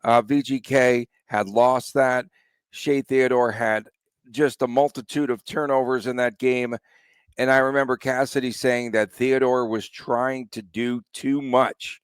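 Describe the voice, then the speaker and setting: A man's voice: medium pitch, steady tone, measured pace, clean tone, no room sound. A man hosting a sports podcast in casual chat, conversational and asking his co-host questions.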